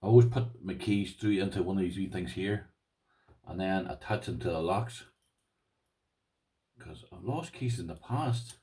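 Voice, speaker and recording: A man's voice: low-pitched, normal speed, long pauses, dark tone. A man with an Irish accent, chatting casually as he unboxes and tries out padlocks, rambling with restarts. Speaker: lock-picking vlogger.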